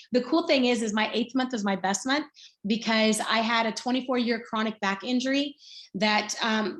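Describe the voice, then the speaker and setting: A Middle Tennessee woman in her sixties joins a video call as a guest, chattily sharing her story in a casual testimonial full of fillers and restarts. Her voice is fairly high and the sound is reverberant.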